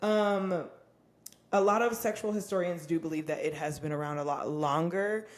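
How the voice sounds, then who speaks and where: A woman's voice: lowish voice, normal speed. A young woman co-hosting a casual podcast, talking candidly and with profanity, often laughing. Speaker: podcast co-host.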